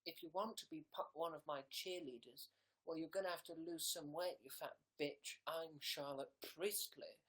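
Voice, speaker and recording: A man's voice: a little high, normal speed, a bit bright, lightly acted. A man voicing a bossy, mean teenage girl who leads a cheerleader squad, speaking in a snooty, cutting way.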